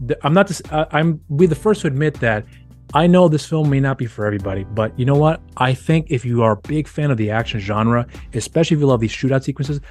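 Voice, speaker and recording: A man's voice: medium pitch, a little mellow. A man hosting his own channel, giving a casual, rambling film review with many restarts and fillers. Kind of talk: casual movie review monologue.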